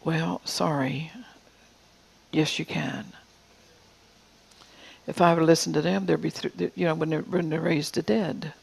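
Husky raspy older preacher, earnest sermon, stumbles and repeats words, goes quiet n whispery sometimes. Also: mid-range voice, steady tone, a little slow, long pauses, rough recording. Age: 50s or older. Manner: earnest preaching that drops to soft whispers for emphasis. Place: church.

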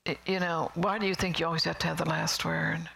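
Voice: medium pitch, little pitch movement, fairly quick, creaky, pushed and bright, rough recording. A middle-aged preacher giving a sermon in a rambling, conversational way, with chuckling asides and whispered emphasis.

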